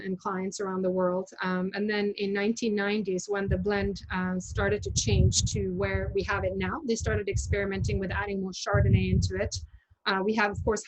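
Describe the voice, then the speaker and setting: A woman's voice: mid-range voice, background noise. Woman casually presenting a wine tasting. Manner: chatty, many fillers and self-corrections. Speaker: winery representative leading a tasting. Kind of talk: casual presentation on a video call.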